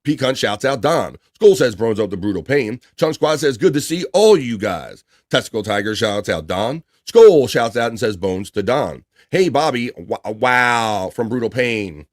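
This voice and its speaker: A man's voice: mid-range voice, lively intonation, normal speed, hardly any pauses, no room sound, studio quality. A man hosting a casual livestream, reading viewer messages aloud in a loose, chatty way. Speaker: livestream host reading chat. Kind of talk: casual chat.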